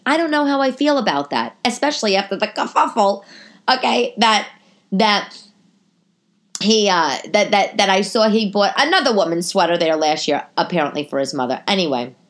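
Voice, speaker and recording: A woman in her forties with a stuffy nose, talking casually to her podcast listeners at home as a comedian host, rambling through tangents and self-corrections, her voice jumping up in pitch for emphasis. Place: living room at home.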